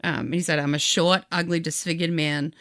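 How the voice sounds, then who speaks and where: Low-voiced woman telling a story. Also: steady tone, normal speed, fairly bright tone, no room sound, studio quality. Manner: retells a story animatedly, quoting people in their own words. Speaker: podcast co-host. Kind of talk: casual storytelling chat.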